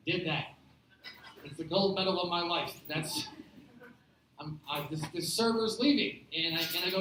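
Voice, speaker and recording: A man's voice: high voice, moderate pace, long pauses, sharp tone, a little hiss or hum. A man doing a stand-up comedy set, telling rambling, profane stories at a live show. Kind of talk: stand-up storytelling. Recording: echoey room picked up from a distance.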